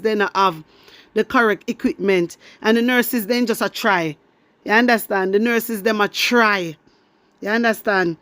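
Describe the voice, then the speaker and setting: A woman's voice: a little high, fairly bright tone, no echo. A Jamaican woman ranting in patois to her followers, indignant and emphatic, hammering her points by repeating them. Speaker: online commentator addressing her followers. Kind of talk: heated social-media rant.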